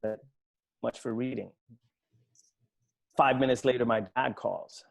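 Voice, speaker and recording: A man, an author from Sweden, tells a personal story at an online book talk in a reflective, halting way, often restarting his sentences. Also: medium pitch, fairly even intonation, creaky.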